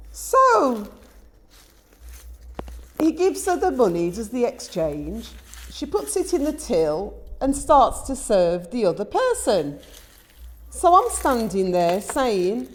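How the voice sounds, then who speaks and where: English woman, vlogger, mid-range voice, slow and deliberate delivery, animated indignant storyteller. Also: medium pitch. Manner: animated, indignant retelling with quoted dialogue. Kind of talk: casual storytelling vlog.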